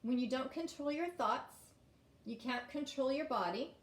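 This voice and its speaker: A woman voicing a patient mother in a storybook, speaking gently and reassuringly. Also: sits high, a little slow, reverberant, pitched above the performer's own voice.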